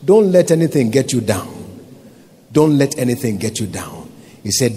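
A man's voice: mid-range voice, sing-song, normal speed, warm tone. A Nigerian man, a pastor, preaching a sermon and often asking his congregation rhetorical questions.

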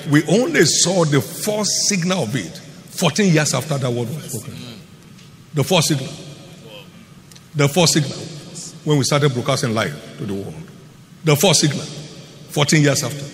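A man preaching a sermon in a large church hall, his fairly high voice carrying through a long reverb. He hammers key phrases over and over, swinging from loud declarations to hushed asides, with a faint noise behind him. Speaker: pastor.

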